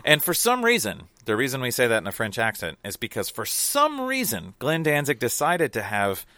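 A man's voice: medium pitch, huge pitch swings, moderate pace, bright, forceful tone, dry recording. A man in casual podcast chat, rambling with lots of fillers and restarts. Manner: rambling, hesitant, many fillers. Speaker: podcast co-host reviewing a film.

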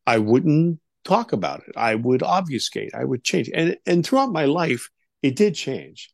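Middle-aged male guest, gravelly storyteller, animated, with plenty of "you know"s. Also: medium pitch, unhurried, no room sound, studio quality. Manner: animated, acts out quoted voices, many fillers. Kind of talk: interview storytelling.

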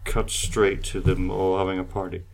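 Low creaky guy chatting on a podcast, teasing his mate a lot. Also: flat delivery, normal speed. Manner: teasing, laughs often. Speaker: podcast co-host. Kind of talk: casual chat.

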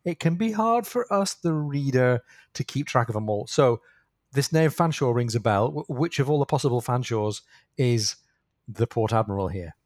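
A man's voice: mid-range voice, darkish tone, dry recording. A man co-hosting a podcast, reflectively discussing and summarizing a novel with his co-host. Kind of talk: casual book discussion.

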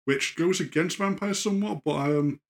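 A man's voice: sits high, moderate pace. A man, a guest horror writer, talking thoughtfully in casual podcast chat with many fillers.

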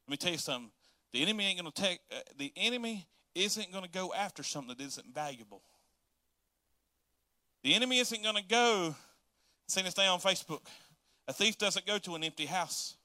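A man's voice: high voice, lively intonation, a little fast, sharp tone, no room sound, studio quality. A man preaching a casual, joking sermon, often repeating words as he restarts his sentences.

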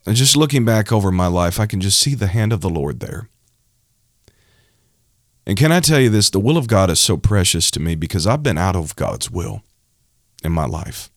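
Young preacher guy, real low voice, emotional testimony, repeats stuff for emphasis, dry close sound. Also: lively intonation, moderate pace, no echo. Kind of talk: personal testimony in a preaching style.

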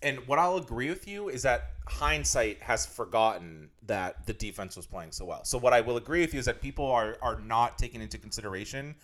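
A man's voice: mid-range voice, a little fast, few pauses, fairly bright tone. A man co-hosting a casual sports podcast, talking animatedly with swearing and laughter while debating game decisions. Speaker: podcast co-host.

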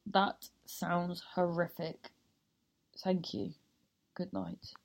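Her voice is fairly low with big pitch swings, and she talks extremely slowly. A woman comedian hosting her own podcast, she ends the episode with a rambling, self-mocking casual sign-off that keeps losing its thread.

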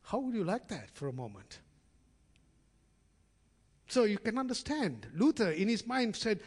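A man delivers a sermon in a warm, conversational way, addressing his listeners as friends and slipping into the voices of the people in his stories. His voice sits a little high and moves up and down a lot. A long reverb trails behind every phrase, as in a large hall. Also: sing-song, a little slow, long pauses. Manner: acts out quoted voices in storytelling. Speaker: preacher. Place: church hall.

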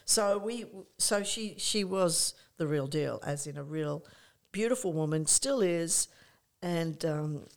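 Older woman telling lively stories. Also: sits low, slow, creaky. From Australia. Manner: lively anecdotal storyteller, many restarts and fillers. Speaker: guest. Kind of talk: casual storytelling interview.

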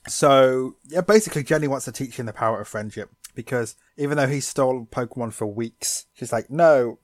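A man co-hosting a podcast, sarcastically recapping a cartoon episode in animated storytelling. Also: mid-range voice, a little fast, no echo, studio quality. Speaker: podcast co-host.

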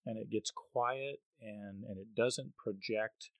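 Male podcast host, lowish voice, earnest, stumbles and repeats words, dry recording. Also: steady tone, slow pace, fairly bright tone, dry recording. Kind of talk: podcast interview.

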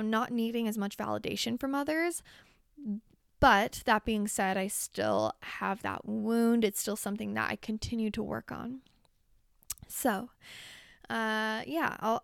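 A woman hosts a solo podcast, speaking candidly and confessionally in a chatty way, full of fillers and casual swearing. Her voice is fairly high and creaky, recorded clean in a studio with no room sound.

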